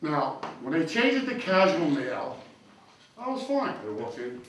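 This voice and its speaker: A man's voice: on the high side, sing-song, moderate pace, a bit bright, slight background noise. A man doing crude, punchy stand-up comedy on a club stage. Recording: echoey club from far off. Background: audience laughing.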